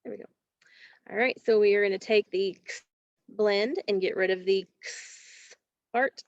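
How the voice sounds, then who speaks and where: A woman's voice: mid-range voice, no echo. A woman teacher, leading a recorded phonics lesson for children and carefully drawing out each word. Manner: slow, careful, drawn-out word modeling. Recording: dull, dry, lo-fi home recording.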